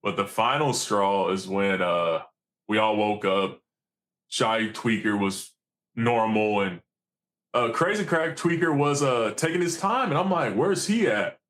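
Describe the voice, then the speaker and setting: A man, a commercial fisherman, telling stories in a casual, animated and profane way. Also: fairly low pitch, a little slow. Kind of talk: casual storytelling.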